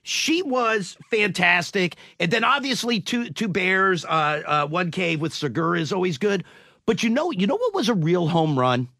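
A radio host man who talks with enthusiasm and heaps praise on his guest. His voice is high and bright, recorded close and dry in the studio. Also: sing-song, normal speed, vocal fry, no echo. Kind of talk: casual radio interview.

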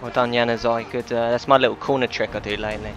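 A man giving live commentary over his own football video game match, frustrated, swearing often and yelling at his players. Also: mid-range voice, level tone, quick pace, faint music behind. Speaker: gaming commentator.

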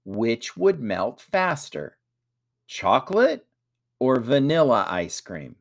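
Man doing an eager adult explainer, lively pitch, slow patient delivery. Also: gravelly, heavily acted. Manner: enthusiastic, explanatory.

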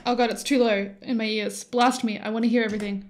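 Young female reaction host, excitable and sweary, slightly high voice. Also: moderate pace. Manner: excitable, giggly, swears often. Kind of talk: casual reaction commentary. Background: music playing.

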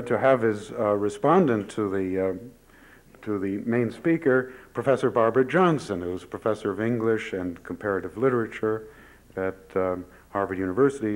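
A man introducing a lecture speaker, halting often with many fillers. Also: on the low side, a little mellow, poor audio. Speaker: event moderator. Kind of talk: formal introduction. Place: lecture hall.

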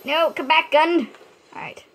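A young woman chatting excitedly to herself while playing a video game. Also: sits high, measured pace. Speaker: gamer. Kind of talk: gameplay commentary. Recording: noisy game audio behind.

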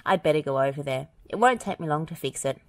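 A woman voicing a cheerful, helpful male builder in a bright, friendly tone. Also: low-pitched, animated, fast talker, dry recording.

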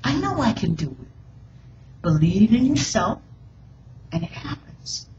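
A woman giving a gentle, coaxing children's message in a church service. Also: medium pitch, big pitch swings, unhurried, dull audio, slight background noise. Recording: echoey hall with music.

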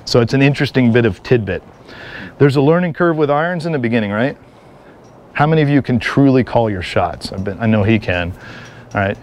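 A middle-aged man teaching a live seminar, an energetic instructor who jokes and tells stories to the class. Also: mid-range voice, fairly quick, slight background noise. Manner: energetic, joking storyteller. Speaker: firearms and martial arts instructor.

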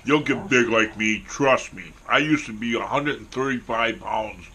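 A man's voice: fairly low pitch, moderate pace, sharp tone, breathy edge. A man rambling crudely and boastfully while out of breath, in a casual monologue to the camera. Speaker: vlogger eating on camera. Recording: noisy home recording.

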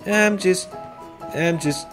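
A man's voice: high voice, slow pace, over music. A man hosting a gameplay video, commenting sarcastically with jokey exclamations and laughs. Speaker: let's play host.

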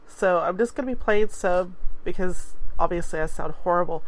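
A woman's voice: fairly low pitch, moderate pace. A congested woman in her forties, a radio host chatting casually and rambling with small laughs. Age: 40s. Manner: rambling, laughs between thoughts. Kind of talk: casual chat.

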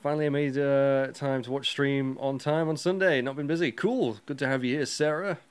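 A man hosting a gaming livestream, chatting casually with viewers, greeting them by name and breaking into excited yelps. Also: medium pitch, normal speed, clean tone. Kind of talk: casual livestream chat while playing.

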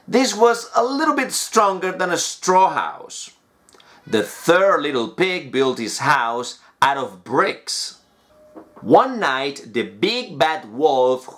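Lively man reading a children's story. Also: a little high. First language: Spanish. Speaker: English teacher.

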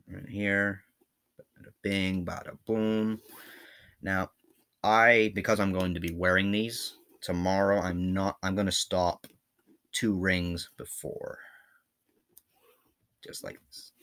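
A Scottish man with a low, bright voice talks through a hands-on tutorial. He is chatty and informal and thinks aloud as he works. The voice keeps a forward, forceful edge. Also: steady tone, takes it slowly, long pauses. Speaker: how-to video host.

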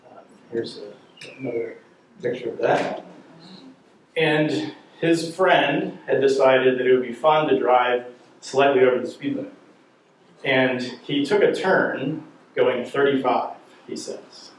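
A man's voice: mid-range voice, takes it slowly, pauses often, slight background noise. A middle-aged man teaching a church parenting class, telling joking stories and asking the audience questions. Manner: jokey, anecdotal, asks the audience questions. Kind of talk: humorous storytelling talk to a class. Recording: very echoey room, voice from far off.

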